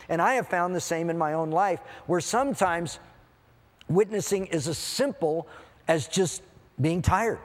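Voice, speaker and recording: A man preaching a sermon, telling a lively personal story and acting out the dialogue in different voices. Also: on the high side. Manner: animated, acts out dialogue in quoted voices. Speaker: pastor. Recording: hall reverb.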